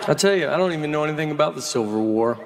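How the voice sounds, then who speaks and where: A man does stand-up in a rambling, self-deprecating way, his voice sitting a little higher than most men's. The live crowd is clearly heard around him. Steady noise runs under the recording. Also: racing. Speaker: stand-up comedian. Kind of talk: stand-up comedy.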